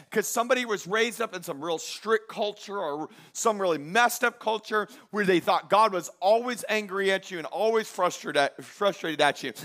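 Pastor, male, slightly high voice, lively sermon delivery with big swings in volume. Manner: animated preaching, swinging from loud declarations to quiet asides.

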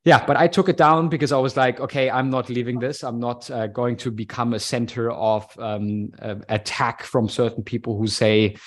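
Animated male podcast host. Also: mid-range voice, normal speed, few pauses. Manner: animated, many restarts and stammers. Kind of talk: casual interview chat.

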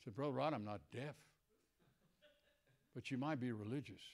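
An older male preacher delivering a sermon, swinging between shouted declarations and hushed, tender passages. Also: mid-range voice, moderate pace.

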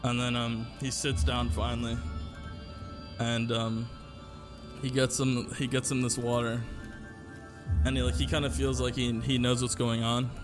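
Over music, a young podcast co-host tells a long story in casual chat, speaking at medium pitch with a level tone and a slightly slow pace. He rambles, uses lots of fillers and swears.

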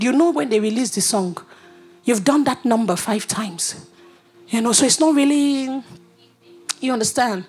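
A woman preaching a sermon, animated and humorous, dropping to whispers and rising to shouts. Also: sits high, normal speed, pauses often, slightly rough, faint music behind.

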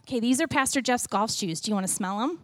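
A middle-aged woman giving a sermon with a children's object lesson, animated and playful as she talks to the kids and the congregation. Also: fairly high pitch, fast, slight background noise. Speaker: church speaker giving a children's message.

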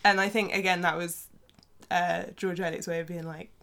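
A woman's voice: fairly low pitch, steady tone, normal speed, creaky, fairly bright tone. A woman in her late twenties with an Irish accent, co-hosting a podcast and joking wryly about books. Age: late 20s. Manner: wry, joking. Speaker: podcast co-host. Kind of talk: casual chat about literature.

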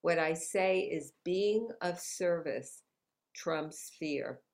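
Slow-spoken upbeat motivational woman. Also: sits low, a little mellow. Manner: upbeat, motivational, laughs often. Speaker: guest, author. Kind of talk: conversational interview. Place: New York City.

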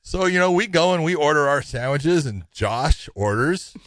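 A middle-aged man co-hosting a casual fight talk show, an animated storyteller who breaks into laughs as he tells a tale. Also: fairly high pitch, moderate pace, no room sound. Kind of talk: casual chat and fight analysis.

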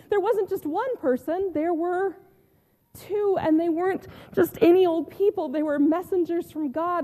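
A pastor doing an earnest woman disciple, recounting her loss slowly and intimately in a high, mellow voice. The telling is unhurried, full of pauses that let each line settle. Her voice rings out with a long church reverb behind it. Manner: heartfelt storytelling with long pauses and soft drops. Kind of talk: first-person dramatic retelling in a sermon.

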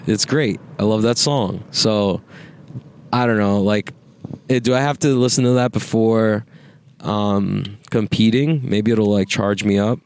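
With a lowish, slightly mellow, clean voice and a measured pace, a young man in his twenties rambles through a casual podcast chat from a moving car. He swears and laughs frequently, and light road noise can be heard.

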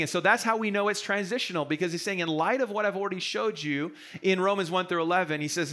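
Man, pastor, sermon, high-pitched voice, earnest, encouraging, conversational. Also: sharp tone. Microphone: streamed sermon to an online audience.

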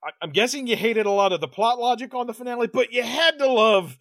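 A man's voice: very high voice, fast, a bit bright, no echo. A man co-hosting a horror film podcast, talking loosely and animatedly, laughing as he goes and restarting his sentences. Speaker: podcast co-host. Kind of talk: casual film-review chat.

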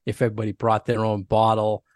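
A man's voice: lowish voice, completely flat delivery, quick pace, darkish tone, no room sound, studio quality. A man co-hosting a podcast, talking in an easygoing, rambling way. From United States. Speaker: podcast co-host. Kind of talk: casual chat.

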